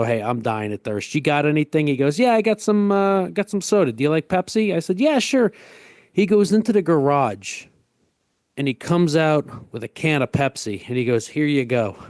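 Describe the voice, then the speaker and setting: A man's voice: medium pitch, dry recording, clean studio sound. A middle-aged man from the Northeast United States, co-hosting a podcast and telling a long rambling anecdote in casual chat, acting out the quotes. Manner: rambling, self-interrupting anecdote with acted-out quotes. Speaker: podcast co-host.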